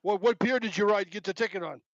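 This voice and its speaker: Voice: mid-range voice, fast, highs cut off. An interviewer asking short questions and laughing along with the guest.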